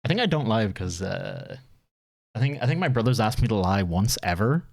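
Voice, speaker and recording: Laughing Irish streamer, lively pitch. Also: male voice, brisk, gravelly, no echo, clean studio sound. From Ireland. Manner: rambling, self-deprecating, laughs often. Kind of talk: casual chat reviewing community submissions.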